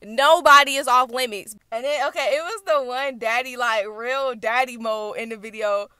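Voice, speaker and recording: A young woman hosting a reaction channel, recapping a video in animated, chatty storytelling. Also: a little high, moderate pace, smooth, no echo. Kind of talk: casual recap vlog.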